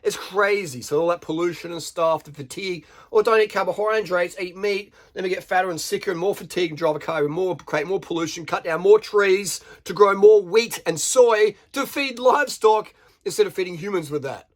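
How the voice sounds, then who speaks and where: An Australian vlogger with a high-pitched, fairly quick voice rants bluntly and unscripted to camera. He swears freely and fires rhetorical questions at his viewers.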